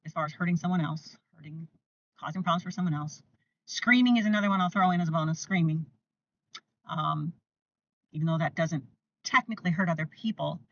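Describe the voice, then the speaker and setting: An older woman hosting parenting advice to camera, emphatic and repetitive, sometimes acting out gentle lines she would say to a toddler. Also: on the low side, recorded from a distance, muffled recording.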